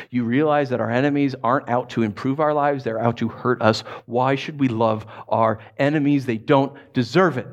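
A man preaching a sermon in an animated way, acting out the voices of animals and listeners as he tells stories. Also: medium pitch, a little fast, few pauses, lo-fi sound. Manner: animated, acts out voices of dogs, cats and listeners. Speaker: pastor.

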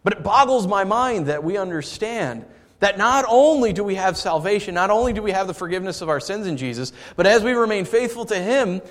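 A man preaching a sermon as pastor, shifting into lively storytelling and asking his congregation for responses. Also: sits high, brisk. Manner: conversational preaching with lively storytelling and audience asides. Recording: long reverb of a large hall.

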